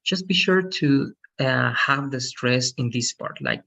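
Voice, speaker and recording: Husky-voiced male English teacher. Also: medium pitch, sharp tone. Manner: encouraging, patient, stresses words slowly to model pronunciation. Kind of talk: online language lesson. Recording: dull lo-fi sound.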